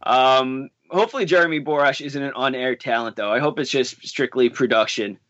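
A man co-hosts a podcast, trading short agreeable replies and reading news items out plainly. His voice is bright and tense. The recording is dry and dull, with a lo-fi edge. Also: medium pitch, a little fast, no room sound. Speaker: podcast co-host. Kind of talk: casual wrestling chat.

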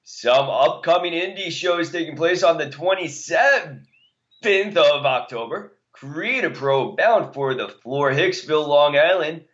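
A man's voice: a little high, animated, unhurried, a bit bright. A man co-hosting a casual podcast, reading results in an easygoing way. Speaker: podcast co-host. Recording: slightly dull lo-fi sound.

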